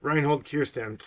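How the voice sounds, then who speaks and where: A man's voice: a little high, gravelly. A man reading a book aloud and breaking off into wry, digressive asides, laughing at his own jokes.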